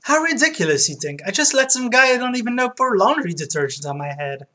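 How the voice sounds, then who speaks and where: A woman's voice: a little high, very animated, quick pace, bright, forceful tone, pitched above the performer's own voice. A woman reading the lines of a hapless male game hero, with wry exasperation. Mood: bemused.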